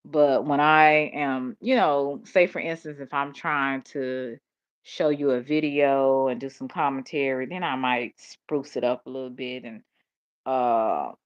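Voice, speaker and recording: Southern woman livestreamer, drowsy, slow and low, dull lo-fi audio. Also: steady tone, smooth. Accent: Southern US, Dallas. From Tennessee. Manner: drowsy, drawling, laughs often. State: sleepy. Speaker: livestream host. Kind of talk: late-night casual chat reading comments.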